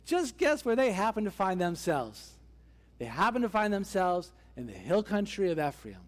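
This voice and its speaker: His voice sits high and swings widely in pitch at a normal speed as this pastor delivers a conversational sermon. He dramatizes the characters' voices in the story; the setting is a church sanctuary with long hall reverb.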